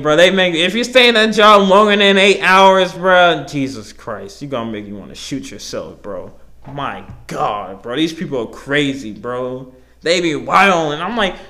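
A man's voice: high-pitched, bright, forceful tone. A young man from Canada hosting a podcast, ranting about a job with lots of profanity and slang. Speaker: podcast host.

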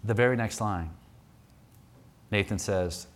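A man's voice: mid-range voice, normal speed, a bit bright. A man preaching a sermon in a conversational, storytelling way, often restarting his sentences.

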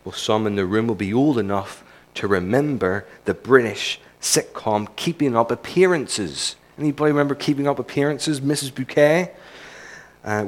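A man preaching a sermon in a church service, earnest and emphatic, building his points through repetition. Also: medium pitch.

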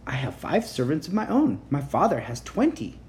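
A woman's voice: low-pitched, huge pitch swings, moderate pace, darkish tone, voice pushed up. A woman voicing a young boy prince who speaks in a formal, careful way, reading a storybook aloud. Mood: sad.

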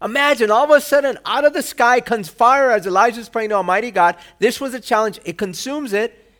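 Man, pastor, sermon, high voice, rhetorical questions, emphatic delivery. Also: fairly quick. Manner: acts out quoted lines with sudden loud bursts.

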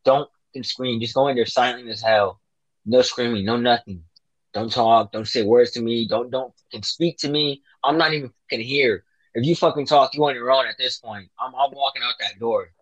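A man's voice: medium pitch, normal speed, dry recording, lo-fi sound. A man in casual chat, animatedly retelling a horror movie, swearing a lot and acting out the characters' lines. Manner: profane, animated, acts out quotes.

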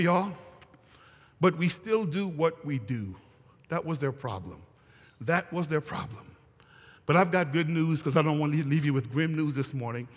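A man's voice: a little high, a bit bright, long reverb tail. A male pastor preaching a sermon, telling a story and calling out to the congregation.

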